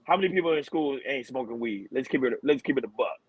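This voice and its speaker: A man hosting a podcast in casual chat, animated, laughing and slangy. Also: medium pitch, quick pace, slightly rough, no room sound. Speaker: podcast host. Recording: dull, dry recording.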